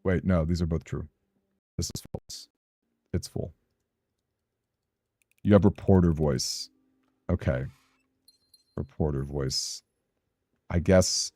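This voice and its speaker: A young man with a fairly low voice chats loosely through a live game stream. He reads comments aloud, laughs easily and second-guesses himself. The sound is close and dry with no room behind it. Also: gravelly, a little mellow, dry recording. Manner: chatty, self-conscious, laughs often, reads chat aloud. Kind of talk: casual live-stream chat while playing.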